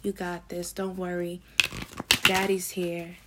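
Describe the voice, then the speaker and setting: A doting partner urges on someone giving birth, speaking soothingly and coaxingly, as a woman puts the voice on. The voice is low, with little rise and fall. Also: completely flat delivery, slow pace, heavy background noise.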